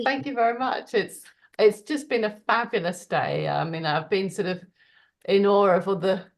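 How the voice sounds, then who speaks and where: Lower-voiced woman, earnest thanks on a call, halting with fillers. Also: vocal fry. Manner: earnest, searching for words, many fillers. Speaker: guest speaker on a video call. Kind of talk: heartfelt remarks.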